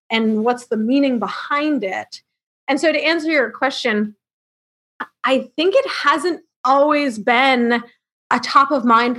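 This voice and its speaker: A bright, high-pitched woman in her thirties answers interview questions with upbeat energy. She tells her story briskly, with quick asides and frequent light laughter. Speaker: marketing firm founder, podcast guest.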